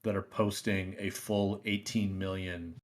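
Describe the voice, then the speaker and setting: Low-voiced man explaining, halting. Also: level tone. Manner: halting, repeats words and restarts while explaining. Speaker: podcast host. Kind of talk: casual chat.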